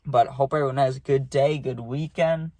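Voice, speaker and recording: A man's voice: medium pitch, fairly even intonation, moderate pace, dark tone, no room sound. A young man telling a casual storytime with a rambling, profane manner and lots of fillers. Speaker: storytime vlogger.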